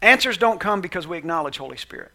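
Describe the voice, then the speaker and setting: Animated high-voiced male preacher. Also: fast. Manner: animated, conversational, acts out quotes. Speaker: pastor. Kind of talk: sermon.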